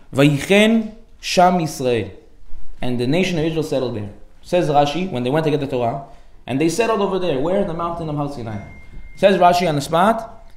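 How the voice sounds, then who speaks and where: A man giving a sermon as a rabbi, animated, acting out the voices in his stories. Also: fairly high pitch, reverberant. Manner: animated storytelling, acts out dialogue.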